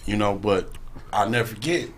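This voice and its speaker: A man's voice: lowish voice, normal speed, slight background noise. A middle-aged man telling a story in casual street slang, acting out the other people's voices as he goes. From Compton, California. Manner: laid-back street slang, acts out voices in his stories. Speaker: guest storyteller.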